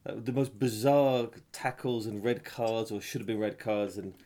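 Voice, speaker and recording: A man's voice: fairly low pitch, fairly even intonation, normal speed, mellow, slight background noise. A man in casual chat, dry and matter-of-fact.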